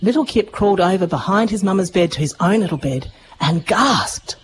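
A woman narrating a children's story with lively expression. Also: on the low side, normal speed, a little hiss or hum, low-quality recording. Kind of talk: storybook reading.

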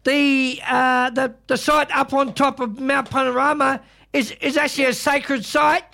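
An Australian man hosting a community radio show, talking in a halting way with lots of fillers and restarts, and full of strong opinions. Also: very high-pitched, level tone, gravelly, bright, forceful tone. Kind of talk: casual radio chat.

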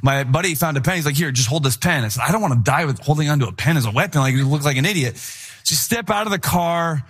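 A young adult man, a pastor, preaching a sermon in a lively, conversational storytelling way. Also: on the high side, fast talker, husky.

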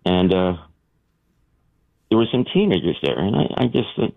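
A man phones in to a radio show and tells his story animatedly. His low voice swings widely in pitch. The sound comes through a narrow, tinny phone line. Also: sing-song, moderate pace, gravelly. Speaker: radio caller. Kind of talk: phoned-in anecdote.

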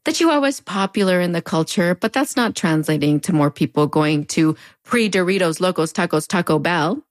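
A woman's voice: fairly low pitch, expressive, fairly quick, no room sound, studio quality. A woman with a US-Mexico border accent narrating a video essay in a conversational, wry way. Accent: US-Mexico border Spanish-tinged English. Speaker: host.

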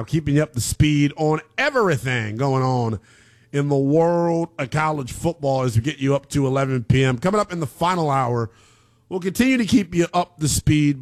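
A man hosting late-night college football talk radio, hyped up and swinging between loud calls and low muttered asides. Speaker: sports radio host.

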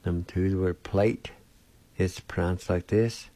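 A man leads a language lesson on the radio, reading out spellings and pronunciations one careful step at a time. His voice is deep and warm, and he sets an unhurried pace. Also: fairly even intonation, no echo. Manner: slow, careful spelling and pronouncing of words. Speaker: language teacher and radio host.

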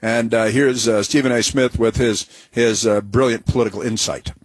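Sarcastic husky-voiced male radio host. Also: medium pitch, fairly even intonation, no room sound. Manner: sarcastic, mocking, halting with many fillers. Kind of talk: opinionated talk radio monologue.

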